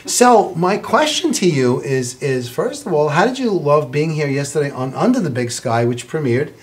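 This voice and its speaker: A man's voice: fairly high pitch, lively intonation, normal speed. A man hosting a studio talk show, praising his guests in an effusive, rambling way. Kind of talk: chatty studio interview. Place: television studio.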